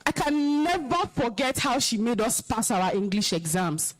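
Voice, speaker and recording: An alumna at a school event, a young Nigerian woman, delivers a stern, emotional address to schoolchildren, scolding and commanding them. Her voice sits on the high side and is very animated, yet her pace stays unhurried.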